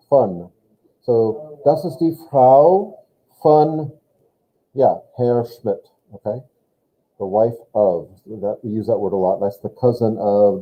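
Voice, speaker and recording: A man teaching a German lesson, patiently explaining grammar step by step and prompting a student. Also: fairly low pitch. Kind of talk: online language lesson. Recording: tinny phone-like line.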